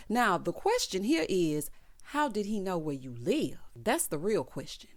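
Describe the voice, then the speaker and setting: A woman vlogger who recaps a TV episode in casual commentary, sassy and animated, often talking straight to the characters. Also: mid-range voice, measured pace.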